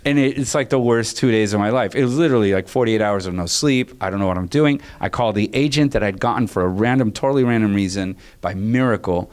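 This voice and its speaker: A man's voice: medium pitch, a little fast. A man, a film composer, telling stories in casual conversation, acting out the dialogue he quotes, with frequent restarts. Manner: lively storyteller who acts out quoted dialogue. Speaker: film composer, podcast guest.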